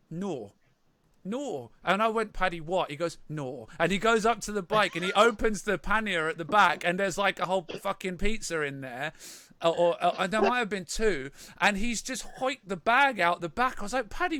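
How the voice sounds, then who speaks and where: A high, bright-toned man spins a rambling story in casual podcast chat, laughing as he goes and restarting his sentences. His voice sits close and dry, with little room sound. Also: dry recording. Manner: rambling, laughing anecdote teller with many restarts. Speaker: podcast co-host, band member.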